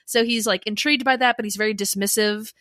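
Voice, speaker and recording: A woman co-hosting a podcast in casual chat, lively and often laughing. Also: a little high, fast, no room sound, studio quality. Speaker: podcast co-host.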